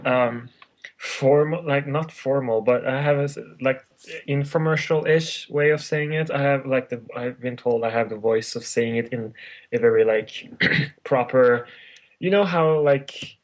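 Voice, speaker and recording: Playful Farsi-native man chatting. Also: medium pitch. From Norway. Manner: playful, laughs often, fast in his native tongue. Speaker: guest. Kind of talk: casual podcast chat.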